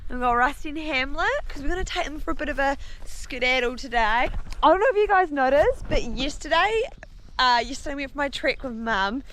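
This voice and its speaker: A young woman vlogging outdoors with her horses, chatty and quick to squeal with excitement. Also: sits high. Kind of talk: casual outdoor vlog. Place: outdoors at a paddock. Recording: noisy outdoor camera audio.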